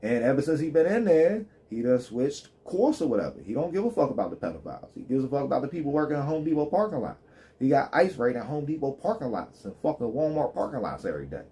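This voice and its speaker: Man, casual profane rant, slangy and joking, mellow warm tone, mid pitch. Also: sing-song, fast talker. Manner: loose, joking, street slang. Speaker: live streamer.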